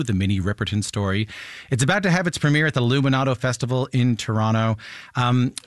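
A man hosting a radio interview, chatty and easygoing. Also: no echo. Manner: easygoing and chatty, jokes about singing high. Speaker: radio host. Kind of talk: broadcast interview. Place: radio studio. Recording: dry studio sound.

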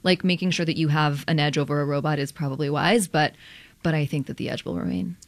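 A woman's voice: deep voice, vocal fry, dry recording. A woman journalist being interviewed, talking animatedly in a conversational way, with frequent laughs and lots of "like" fillers. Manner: animated, quick, laughs often, many "like" fillers. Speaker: radio journalist guest.

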